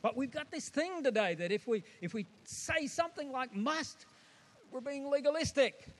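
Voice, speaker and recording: A man's voice: very high voice, animated, normal speed. A man preaching a sermon, emphatic and dramatic, who often acts out the voices of his listeners.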